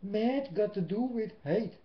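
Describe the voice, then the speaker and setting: A man whose first language is Dutch, preaching a sermon in English into a webcam at home, slow and emphatic, swinging between loud and soft. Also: high voice, expressive. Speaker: lay preacher. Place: indoors at home. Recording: roomy, dull webcam audio.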